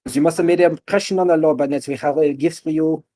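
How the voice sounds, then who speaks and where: A man voicing an excitable male innkeeper with a French accent, speaking loud and high. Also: fast talker, natural voice. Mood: fussy, welcoming.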